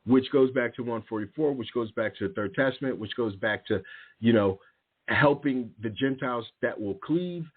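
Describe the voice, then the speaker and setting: Over a narrow phone-like line, a man with a medium-pitched, breathy voice hosts a relaxed spiritual radio program. He's also a youth coach, and his storytelling is animated and rambling, with restarts and acted-out voices.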